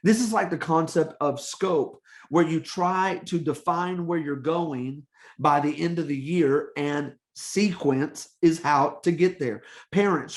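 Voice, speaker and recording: Middle-aged male ministry coach with a fairly high voice, preaching energetically and exhorting his listeners. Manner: exhorting, repeats "come on", restarts. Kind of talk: energetic preaching-style teaching.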